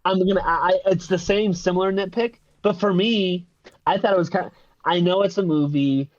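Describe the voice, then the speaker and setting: A man co-hosting a casual film review podcast, talking haltingly, repeating words and laughing often. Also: high voice, steady tone. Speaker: podcast co-host. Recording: dull lo-fi dry sound.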